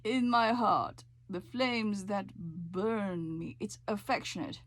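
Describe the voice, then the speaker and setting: A woman's voice: mid-range voice, takes it slowly. A woman teaching a voice lesson, coaching with frequent check-ins and sung demonstrations. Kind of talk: singing lesson explanation.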